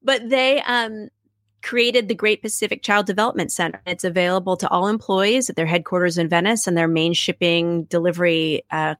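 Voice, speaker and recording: A woman's voice: on the low side, steady tone, normal speed, no echo. Enthusiastic woman, dry close sound. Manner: enthusiastic storyteller, laughs often, acts out quotes. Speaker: podcast creator, guest. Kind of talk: casual interview chat.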